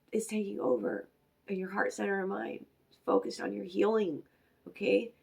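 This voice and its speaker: A woman in her forties gives a rambling, emotional spiritual reading as an oracle card reader. She is soft-spoken, sighing and briefly whispering, with a low, gravelly voice.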